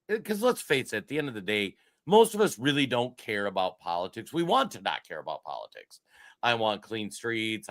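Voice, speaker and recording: A man co-hosting a podcast speaks in a low, forceful voice that sounds close and dry. He rambles, chuckles mid-sentence and restarts his thoughts. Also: dry recording. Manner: rambling, laughs while talking, restarts often. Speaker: podcast co-host. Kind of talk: casual political chat.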